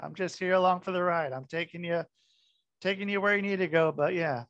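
A man's voice: high-pitched, fairly quick, fairly bright tone, no echo, highs cut off. A man hosting a podcast, chatting in an easygoing, laid-back way and often repeating himself. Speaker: podcast host. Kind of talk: casual podcast chat.

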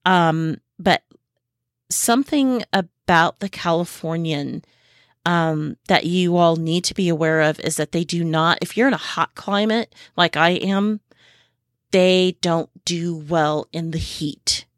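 A woman hosting a podcast in a casual, informative way, unhurried and pausing often with fillers, sharing what she has learned firsthand on her homestead. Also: fairly low pitch, no room sound, clean studio sound. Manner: unhurried, with many pauses and fillers; speaks from personal homestead experience. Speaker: podcast host.

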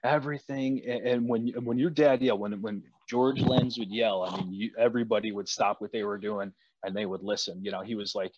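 Man, casual chat host, rambling storyteller, low voice, dull lo-fi sound. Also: fairly even intonation, a little fast, few pauses, darkish tone, dry recording. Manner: storytelling, many restarts.

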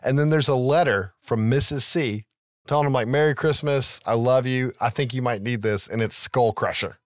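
A man's voice: medium pitch, normal speed, no room sound, highs cut off. A man in his thirties, a podcast co-host, recapping a film in casual chat and acting out its lines with laughs.

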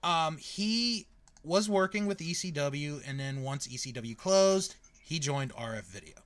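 Guy in his 30s hosting a podcast, chatty, voice jumps around a lot, kinda high. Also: measured pace. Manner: lively storyteller with frequent fillers and laughs. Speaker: podcast host. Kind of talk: casual podcast chat.

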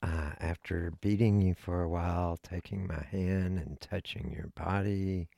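Slow, gravelly low-voiced man. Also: steady tone, mellow, dry recording, studio quality. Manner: slow, deliberate and instructive. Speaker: podcast co-host. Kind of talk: casual podcast chat.

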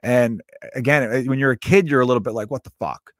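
A man's voice: medium pitch, fast talker, a bit bright, no echo, studio quality. A man in his thirties hosting a podcast, telling stories in a rambling, profane way, often breaking off mid-sentence. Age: 30s. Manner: rambling, profane, self-interrupting. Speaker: podcast host. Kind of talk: casual storytelling monologue.

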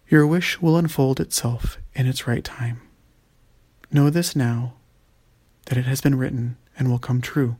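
Casting: ancient female spirit of a well, wise and calm, gravelly read, by a man. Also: mid-range voice. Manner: solemn, measured.

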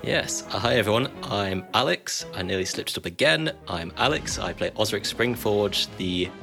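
A man's voice: fairly low pitch, lively intonation, normal speed, over music. A man playing a cleric on a tabletop podcast, stumbling and laughing at himself. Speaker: player. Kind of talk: casual podcast banter.

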